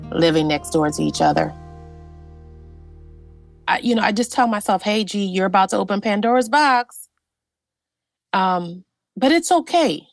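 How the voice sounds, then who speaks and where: Heartfelt woman. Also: lowish voice. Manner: animated, heartfelt, with frequent fillers. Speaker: guest genealogist. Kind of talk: personal storytelling.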